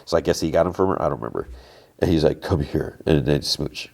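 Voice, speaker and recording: A man with a very low voice talks through a TV episode in a loose, conversational recap. He rambles along and keeps quoting the characters with "he's like" and "she's like" as he goes. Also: animated, quick pace, vocal fry, darkish tone. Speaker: podcast host.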